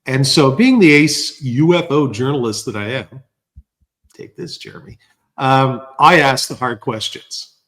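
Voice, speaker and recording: A man's voice: medium pitch, a little slow, fairly bright tone. Man telling a story with dry humor. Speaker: podcast guest, filmmaker. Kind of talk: casual storytelling chat.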